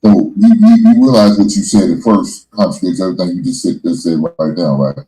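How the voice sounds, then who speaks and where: Man, middle-aged, lowish pitch, emphatic, preachy, repetitive, casual debate. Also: a little fast, dark tone, poor audio. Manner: emphatic, preachy, repeats phrases for effect. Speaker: podcast host.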